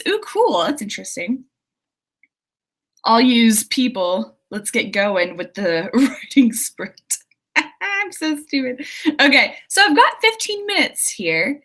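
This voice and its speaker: A woman's voice: fairly high pitch, very animated, slow pace, a bit bright. A young woman, an author, chatting casually and giggling as she reads viewer comments during a livestream. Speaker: author hosting a writing livestream.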